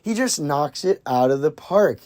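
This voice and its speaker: A film reviewer chatting casually and excitably about a movie, rambling with lots of "like", restarts and casual swearing. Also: mid-range voice, a little slow.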